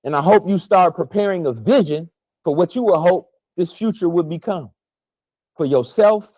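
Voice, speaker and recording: Man, impassioned spiritual rant, profane, swinging pitch, dry close sound. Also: animated, moderate pace, a little mellow, no room sound, muffled recording. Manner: preachy, profane and emotional, pitch swinging widely. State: fasting. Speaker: spiritual vlogger.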